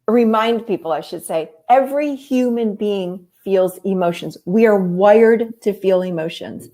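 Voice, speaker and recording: A woman therapist and life coach explaining in a relaxed conversational way, telling lively stories and acting out the voices of people she quotes. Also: fairly high pitch.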